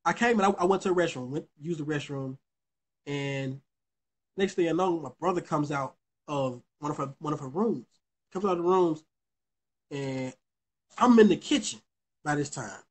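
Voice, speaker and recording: Speaking a little high at a normal speed, this young vlogger has a slightly rough voice and takes long pauses. He tells his viewers a rambling, profane story, starting over again and again.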